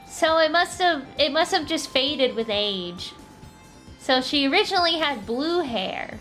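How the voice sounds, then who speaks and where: A woman streamer chats through a comic in a playful, casual way, full of quick asides. Her voice is high and bright, and faint music plays behind her. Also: expressive.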